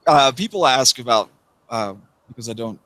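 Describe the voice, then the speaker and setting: A man from the American South talks on a livestream, his voice bright and forward. He tells long, wry stories and swears freely as he goes. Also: medium pitch, animated, moderate pace, no echo. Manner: wry, rambling storyteller who swears freely. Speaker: interviewee, YouTuber. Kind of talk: casual chat on a livestream.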